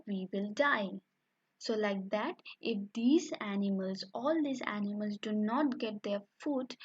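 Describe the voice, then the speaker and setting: A woman's voice: medium pitch, breathy edge. A woman teacher reading a storybook to young children, repeating and explaining words, on a dull lo-fi recording.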